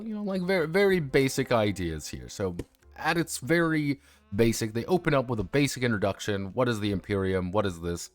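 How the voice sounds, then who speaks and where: A man's voice: medium pitch, sing-song, brisk, soft background music. A man streaming a casual review of a tabletop game, rambling and swearing freely. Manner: rambling, profane, many fillers and restarts. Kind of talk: casual chat.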